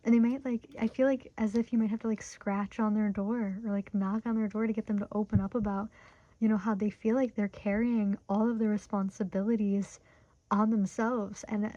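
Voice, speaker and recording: Tarot reader in her twenties, mellow tone, chatty and filler-heavy, dull lo-fi recording. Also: medium pitch, flat delivery, brisk, no echo. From Michigan, USA. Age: 20s. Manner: emotionally open, talks through her feelings. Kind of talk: casual pick-a-card tarot reading.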